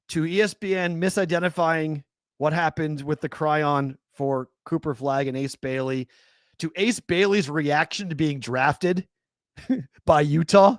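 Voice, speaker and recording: High, gravelly Boston man ranting. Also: no room sound, studio quality. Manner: incredulous, animated ranting with laughs. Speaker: host. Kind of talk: live sports talk show.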